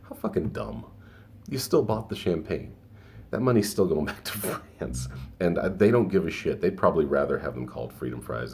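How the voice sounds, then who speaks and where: A man's voice: rumbling low, very animated, moderate pace, darkish tone. A man hosting a solo podcast, rambling through an opinion rant with frequent restarts and asides. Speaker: podcast host.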